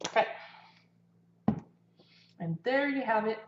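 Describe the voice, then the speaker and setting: A woman's voice: fairly high pitch, expressive, slow. Chatty woman cooking live in an echoey kitchen. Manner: chatty, talks while eating and cooking. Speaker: livestream cooking host. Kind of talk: casual livestream cooking chat. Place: home kitchen. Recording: echoey kitchen, slightly dull sound.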